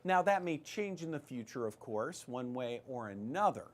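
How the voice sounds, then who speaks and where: A man's voice: mid-range voice, normal speed. A middle-aged man hosting a retirement finance show, talking in a rambling, jokey, chatty way. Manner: rambling and chatty, with many restarts; jokey, lively storytelling. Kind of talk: casual talk-show chat.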